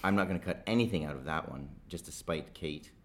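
A man's voice: extremely low pitch, a little fast, fairly bright tone. A man hosting a podcast while hungover, chatting casually with self-deprecating, mumbled asides. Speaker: podcast host.

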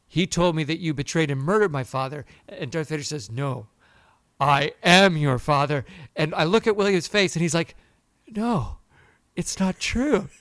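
A man co-hosts a casual podcast and tells his story with animated energy, acting out each person he quotes. His voice sits a bit high. The sound is dry and close. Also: no echo. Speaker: podcast co-host. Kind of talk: casual chat.

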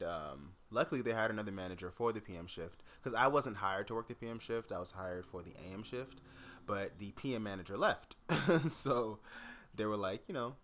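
Bright-voiced chatty man co-hosting. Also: fairly low pitch. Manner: chatty, laughs often, animated storytelling. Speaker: podcast co-host. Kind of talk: casual podcast chat.

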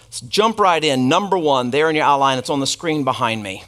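A man's voice: mid-range voice, brisk, fairly bright tone. A man who is a pastor, preaching a sermon in a conversational storytelling way, with asides and questions to the congregation.

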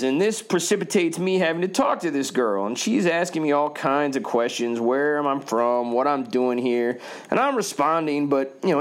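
A fairly high-voiced American man tells a comic story in a wry, sarcastic monologue. He swears freely and climbs toward loud, shouted punchlines. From United States. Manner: wry, profane, builds to shouting.

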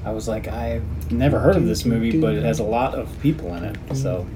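A man on a casual movie podcast who retells anecdotes, quoting what people said. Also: a crowd in the background. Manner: fast-talking, retells anecdotes with quoted lines. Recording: audible rumbling background noise.

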